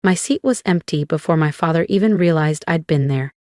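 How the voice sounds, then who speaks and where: Cool, measured woman storyteller. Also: sits low, darkish tone, no room sound, clean studio sound. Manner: measured, cool, dramatic pauses. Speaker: narrator. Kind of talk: scripted first-person story narration.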